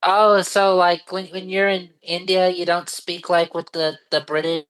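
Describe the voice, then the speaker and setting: A woman chatting casually as a co-host, with dry, deadpan humor and stumbling restarts. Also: on the low side, a little slow, clean tone, rough recording. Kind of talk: casual chat.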